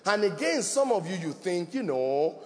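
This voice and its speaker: A middle-aged male pastor preaching a sermon, rising to emphatic shouts and dropping to a hush, in a church hall. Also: high-pitched, sing-song, normal speed. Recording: long echo of a large hall.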